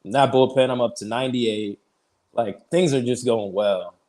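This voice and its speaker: A man in his thirties, a pitcher guest on an interview show, telling his story casually, peppered with "like" and easy laughs. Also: moderate pace, darkish tone. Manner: chatty, fills speech with "like", retells conversations; laughs easily while telling stories.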